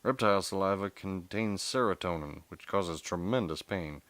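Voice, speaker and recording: A man's voice: low-pitched, moderate pace, fairly bright tone, no echo. A man doing a Southern-accented field biologist. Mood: assured. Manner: knowledgeable, reassuring, explanatory. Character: soft-spoken Southern American male field biologist.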